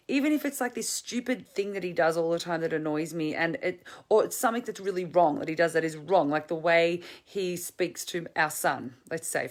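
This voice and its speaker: A woman relationship coach giving advice to camera in a conversational way, thinking aloud with frequent restarts and fillers. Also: on the low side. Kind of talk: direct-to-camera advice talk.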